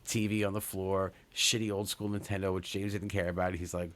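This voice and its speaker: A New man in his thirties tells a long story on his podcast. His voice sits very low and stays casual. He rambles, restarts his sentences, and swears all the way through. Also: steady tone, fairly quick, few pauses. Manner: rambling, profane, lots of fillers and restarts. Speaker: podcast host.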